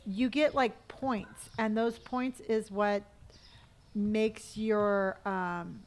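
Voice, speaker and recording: A middle-aged woman from California hosts a relaxed live game stream. She chats easily, reads out viewers' comments and talks herself through tasks in a low mutter. Her voice sits at an ordinary pitch for a woman. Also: very slow. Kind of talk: casual live-stream chat while gaming.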